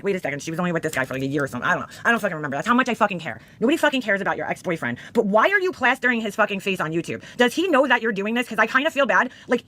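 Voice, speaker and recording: A woman with a fairly high, very animated voice, talking quickly through a sarcastic online drama rant. She is blunt and curses constantly, and her pitch swings all over as she mocks her target. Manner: blunt, sarcastic, swears a lot. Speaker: commentary streamer. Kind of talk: profane drama commentary.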